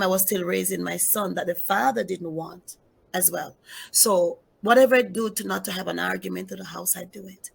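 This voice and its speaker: In an interview, a middle-aged woman pastor shares her personal testimony with emphasis, repeating key phrases and addressing listeners directly. Her medium-pitched voice is fairly bright and slightly rough, with vocal fry.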